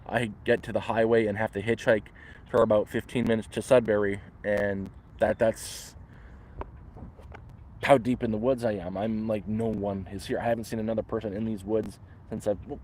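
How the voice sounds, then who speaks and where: Out in the woods, a Canadian man tells stories on a casual livestream in a fairly low, level, darkish voice at normal speed, with slight background noise. His telling meanders and restarts frequently as he performs the characters' lines in quotes.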